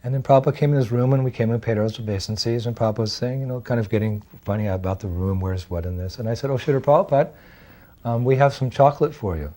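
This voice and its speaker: A man's voice: mid-range voice, fast talker, mellow. An older man telling personal devotional memories in a reflective storytelling way, laughing now and then. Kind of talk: storytelling memoir.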